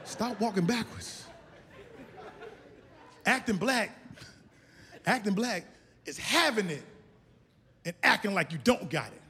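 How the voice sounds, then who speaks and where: Comedian from Chicago on a big stage: high, loud, animated delivery, roomy hall sound. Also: male voice, slow, pauses often, a faint crowd. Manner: loud, animated, shouts into character voices. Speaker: stand-up comedian. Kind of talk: stand-up comedy set. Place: large theater stage with audience.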